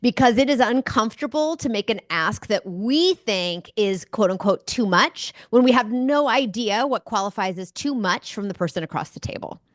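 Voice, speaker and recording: A woman guest on an interview show, answering questions as an enthusiastic, animated storyteller. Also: fairly high pitch, moderate pace, hardly any pauses, no room sound, clean studio sound. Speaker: guest speaker. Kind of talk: conversational interview.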